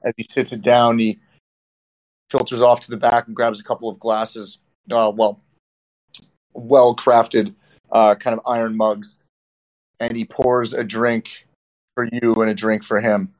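A man's voice: medium pitch, level tone, unhurried, pauses often, a little mellow. A man running a tabletop role-playing game, narrating scenes and speaking in character between descriptions. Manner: switches between narration and in-character dwarf talk. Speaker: dungeon master.

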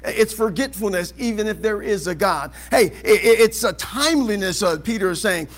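A man preaching a sermon as pastor in a church auditorium, asking the congregation questions and building to shouts. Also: sits high, animated, normal speed. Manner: preaching with rising shouts and call-and-response questions. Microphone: live service recording.

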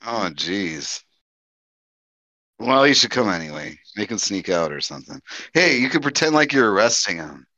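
A man's voice: fairly low pitch, very animated, normal speed, sharp tone, no room sound. A man playing in a tabletop game, talking in a casual, slangy way. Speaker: player. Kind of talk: in-character tabletop chat. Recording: dull dry lo-fi sound.

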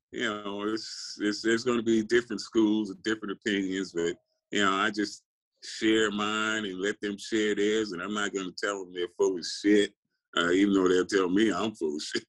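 A man's voice: fairly low pitch, steady tone, moderate pace, a bit bright, rough recording. A man in his sixties from California, a guest telling rambling, profane stories in casual interview chat.

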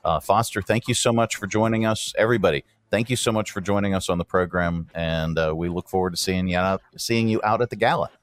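A man's voice: sits low, brisk, hardly any pauses. A man hosting a radio talk show, chatty and full of filler "uh"s, also reading sponsor ads. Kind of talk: casual radio talk and ad reads.

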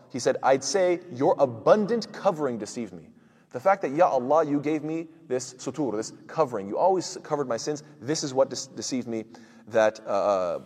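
A man's voice: mid-range voice, a little mellow, big-room sound. A man giving a conversational Quran commentary lecture, posing rhetorical questions and reciting Arabic verses. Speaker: Islamic lecturer.

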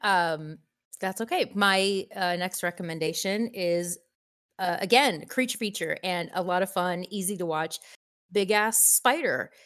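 A woman's voice: fairly low pitch, a little slow, a bit bright. A woman co-hosting a casual film podcast, speaking hesitantly with many fillers. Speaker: podcast co-host. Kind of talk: casual chat about films.

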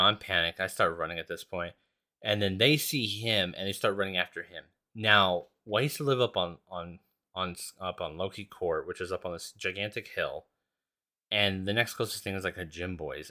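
A man's voice: low voice, pushed and bright. A man hosting a podcast, telling a long story in a casual, rambling and profane way. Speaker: podcast host.

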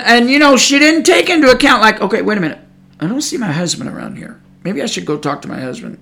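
High bright-voiced fiery male preacher. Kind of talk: podcast sermon.

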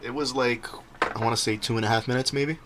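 A young man hosting a casual podcast, telling stories in an animated way and often laughing. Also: medium pitch, fast, noisy background. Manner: laughing, animated storytelling with quoted voices. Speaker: podcast host.

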